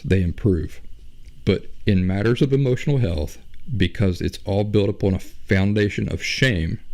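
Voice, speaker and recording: A man with a fairly low, gravelly voice talks on his own as host of a show. His tone is mellow and dark rather than bright. He explains step by step, answers his own rhetorical questions and repeats key phrases for emphasis. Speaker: podcast host. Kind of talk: solo talk on emotional health.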